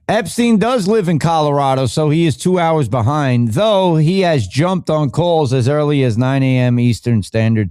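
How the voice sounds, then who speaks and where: A man hosting a podcast, reacting to clips in a profane, laughing way, swinging from loud outbursts to mumbling. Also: fairly high pitch, no room sound, studio quality. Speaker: podcast host. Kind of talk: reacting to clips, casual chat.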